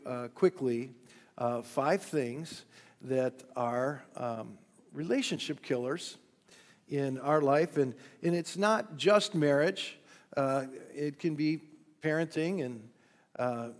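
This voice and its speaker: A male pastor giving a sermon in a relaxed, conversational way, with lots of fillers and a touch of dry humor, recorded during a live-streamed church service. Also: medium pitch, in a large hall. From United States. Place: church sanctuary.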